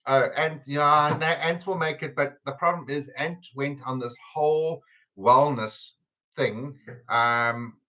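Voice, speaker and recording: On his live cooking stream, the South African man chats casually and teasingly, breaking into laughter often. His pitch is fairly high and his tone steady and sharp as he takes it slowly. The computer camera audio has its highs cut off.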